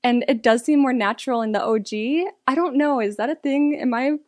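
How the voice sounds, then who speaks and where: A young woman hosting a casual album reaction, thinking aloud in an excitable, rambling way with lots of fillers. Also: high voice, fairly quick, no room sound. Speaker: music reaction host.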